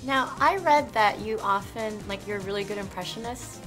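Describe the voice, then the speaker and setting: A woman's voice: mid-range voice, moderate pace, over loud music. A woman interviewing actors at a press junket, asking upbeat, coaxing questions. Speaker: entertainment interviewer.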